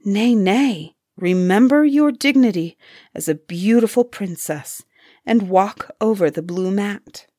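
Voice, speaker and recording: Determined young storybook prince, slow and measured, dry close sound, read by a woman. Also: mid-range voice, expressive, warm tone, dry recording. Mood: earnest.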